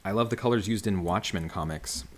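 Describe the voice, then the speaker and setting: A man's voice: sits low, fairly quick, a little hiss or hum. A man coloring comics on a livestream, talking casually about his process in a rambling way full of fillers and restarts. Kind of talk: casual livestream commentary while working.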